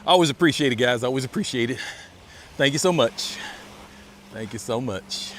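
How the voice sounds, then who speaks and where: A man live-streaming a relaxed walk outdoors by a beach, chatting casually and thanking viewers over and over. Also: mid-range voice, moderate pace, slight background noise. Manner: laid-back, thanks viewers for donations, repeats phrases. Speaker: live-streaming walking vlogger.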